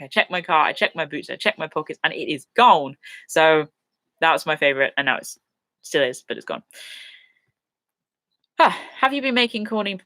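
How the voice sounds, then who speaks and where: A woman's voice: low-pitched, sharp tone, no room sound. A woman hosting a casual live viewer Q&A from her sofa at home. She talks in a rambling way, with fillers and restarts, and she is openly emotional and laughs easily. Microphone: computer mic on a livestream.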